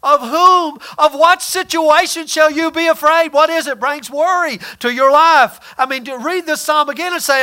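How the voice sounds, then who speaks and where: Male pastor, sermon delivery, high and bright, big dynamic swings. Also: normal speed, few pauses. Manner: preaching with swings from loud emphasis to near-whispered lines.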